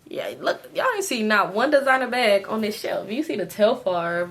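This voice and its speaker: A young woman with a hoarse throat telling a storytime to her viewers in casual, slangy, animated chat. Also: mid-range voice, moderate pace, slight background noise. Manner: animated, slangy, quotes people in voices. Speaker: storytime vlogger.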